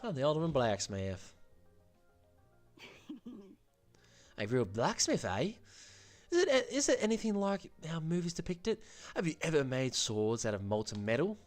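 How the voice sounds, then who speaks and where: A man's voice: fairly high pitch, pitched above the performer's own voice. A man voicing a proud, cheerful young woman blacksmith in an attempted Southern US accent, with eager upbeat delivery, over faint game music.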